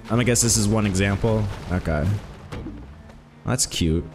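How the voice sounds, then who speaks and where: A man streaming a video game, chatting casually and rambling, with sudden loud exclamations when something excites him. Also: fairly low pitch, normal speed, over music. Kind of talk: casual let's-play chat.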